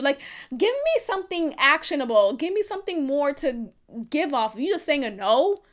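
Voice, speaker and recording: A woman from Texas hosting a podcast, telling a dating story at home in a blunt, profane, animated way. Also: high-pitched, normal speed. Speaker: podcast host. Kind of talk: casual storytelling monologue.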